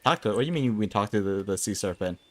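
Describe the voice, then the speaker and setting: A man's voice: fairly low pitch, lively intonation, quick pace. A young man streaming an online game, rambling through casual commentary with self-mocking asides. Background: game music.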